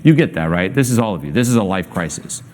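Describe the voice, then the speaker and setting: A young man leads a coaching session in a low voice that swings widely up and down. He is blunt and emphatic, swearing freely and pushing his listeners with question after question. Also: expressive, fast talker, a little mellow, a little hiss or hum. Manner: asks many rhetorical questions. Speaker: self-help coach.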